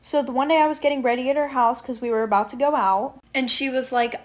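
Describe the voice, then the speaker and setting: A woman's voice: sits high, fairly even intonation, fast talker. A young woman telling a candid storytime, chatty and swearing casually.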